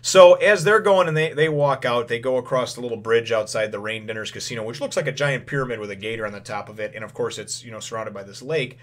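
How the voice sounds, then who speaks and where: A man's voice: mid-range voice, fast talker, few pauses. A man hosting his own channel, casually retelling a comic chapter, rambling with lots of "you know" fillers and the odd chuckle. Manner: chuckles now and then. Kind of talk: casual chat recap.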